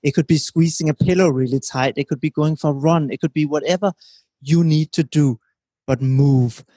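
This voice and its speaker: A man giving a calm, teacherly explanation as a guest in an interview, often checking in with his listener. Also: on the high side, moderate pace, slightly rough, no room sound. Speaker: relationship expert guest.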